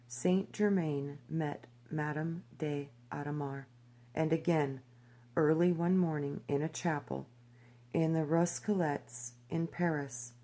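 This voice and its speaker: A woman reading a historical memoir aloud in a steady, even way, now and then stumbling over names. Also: deep voice. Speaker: reader.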